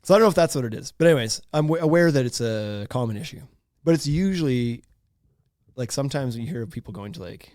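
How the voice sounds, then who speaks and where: A man's voice: mid-range voice, fast, no echo, clean studio sound. A man in his thirties hosting a podcast, telling a story in a loose, laughing way with lots of fillers. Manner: animated, laughing, many fillers. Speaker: podcast host. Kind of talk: casual storytelling.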